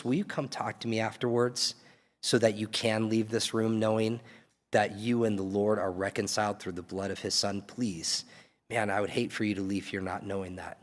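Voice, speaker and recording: A man's voice: on the low side, moderate pace. A man preaching a sermon as pastor, earnest and pleading, building to emphatic peaks. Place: church hall. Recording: long reverb of a church hall.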